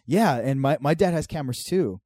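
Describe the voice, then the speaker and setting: A man's voice: fairly high pitch, a little fast, no room sound. A man in casual chat, telling neighborhood stories with lots of swearing and acted-out quotes. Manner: profane, animated storyteller acting out quoted voices.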